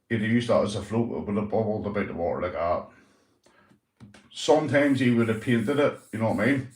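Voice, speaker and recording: A Northern Irish man hosting a casual livestream chat, rambling and swearing, calling everyone mate. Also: medium pitch. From Northern Ireland. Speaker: livestream host. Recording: echoey room, mic at a distance.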